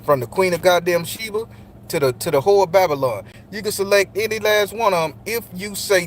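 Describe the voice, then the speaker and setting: A middle-aged man, host of a channel aimed at men, talks briskly and directly to his audience in a blunt, profane, preachy casual monologue. His pitch is fairly high, and a faint hiss or hum is present.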